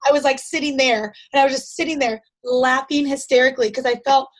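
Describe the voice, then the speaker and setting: High-voiced chatty young woman. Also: steady tone, fast. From United States. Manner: chatty storytelling, frequent "like" fillers. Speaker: interview guest. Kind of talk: casual conversation.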